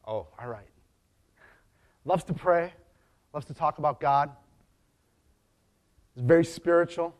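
A man's voice: on the high side, unhurried, pauses often. A man preaching in a conversational way, telling stories with frequent restarts and asides. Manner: chatty storytelling with frequent restarts. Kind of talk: conversational sermon.

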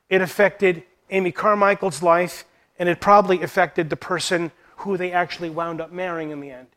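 Male Christian teacher, high-pitched voice, earnest and questioning delivery to church leaders. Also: a bit bright. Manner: earnest, poses rhetorical questions.

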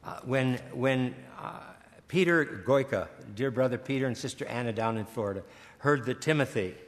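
An older man preaching a sermon, earnest, stammering and repeating words, slowing and swelling on key phrases. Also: medium pitch. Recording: long hall reverb.

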